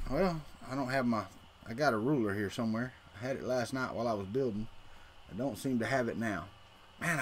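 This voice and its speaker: A man's voice: medium pitch, a bit bright, slight background noise. A middle-aged man, hosting a casual livestream and rambling to his chat while he tinkers. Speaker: livestream host.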